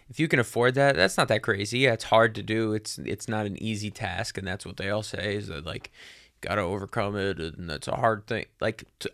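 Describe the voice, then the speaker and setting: A young adult man hosts a solo podcast, musing casually in a rambling monologue full of fillers and offhand swearing. His mid-range voice has a fairly bright tone, captured in a dry, studio-quality recording.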